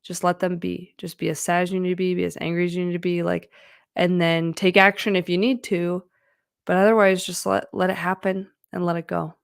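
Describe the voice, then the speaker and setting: Woman, casual advice vlog, earnest, chatty, gravelly vocal fry, dry close sound. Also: fairly low pitch, little pitch movement, fairly quick, no room sound. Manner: earnest, chatty, many fillers like "like" and "right?". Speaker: mental health vlogger. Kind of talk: casual talking-to-camera advice.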